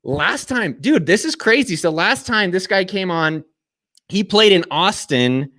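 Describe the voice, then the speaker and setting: A man's voice: high voice, lively intonation, unhurried, pushed and bright, no room sound. A man hosting a casual live video show, enthusiastic and effusive as he thanks and plugs his guests. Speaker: host.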